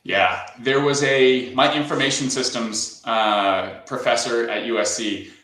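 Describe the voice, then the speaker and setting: A man's voice: medium pitch, measured pace, bright, forceful tone, roomy sound, low-quality recording. A man from Southern California, a company founder talking as a guest in a casual interview, telling stories and often adding "right?". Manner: storytelling, often tags lines with "right?".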